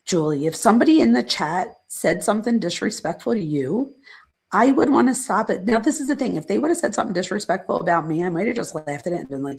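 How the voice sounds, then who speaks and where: A woman's voice: medium pitch, lively intonation, brisk, gravelly, husky. A middle-aged woman, a psychologist, chatting casually on a live stream, reading viewer comments aloud and rambling off on side points.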